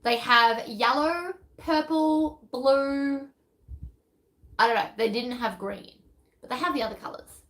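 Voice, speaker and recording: A woman's voice: high voice, takes it slowly, fairly bright tone, poor audio. Chatty woman thinking aloud. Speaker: sewing pattern designer hosting a live stream. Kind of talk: casual live-stream chat.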